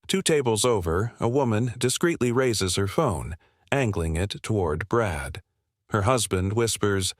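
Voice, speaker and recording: A man narrating a scripted story in an even, measured way. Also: lowish voice, no room sound, clean studio sound.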